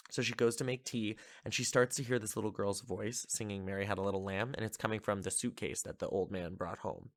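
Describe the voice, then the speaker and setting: A man's voice: fairly low pitch, fairly even intonation, a little fast, few pauses, dry recording, clean studio sound. A man hosting a podcast, casually recapping a film in a chatty, amused way with lots of filler words. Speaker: podcast host.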